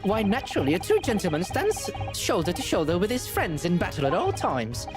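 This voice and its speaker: A woman's voice: mid-range voice, huge pitch swings, fairly quick. A woman voicing a pompous, grandiloquent male Victorian detective from a video game while she streams it, with game music playing behind her. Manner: grandiloquent, theatrical, self-praising. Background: game background music.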